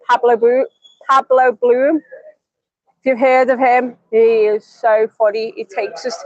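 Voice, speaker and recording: A woman's voice: sits high, no room sound, muffled recording. A woman chatting on a live stream. She rambles with lots of fillers and restarts. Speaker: vlogger. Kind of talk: casual live-stream chat.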